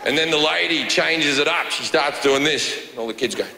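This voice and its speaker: A man's voice: a little high, a little fast, gravelly, pushed and bright, slight background noise. A middle-aged man with an Australian accent doing a profane stand-up comedy set, telling stories and acting out other people's voices. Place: large theater stage. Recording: echoey hall, live audience. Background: audience laughter.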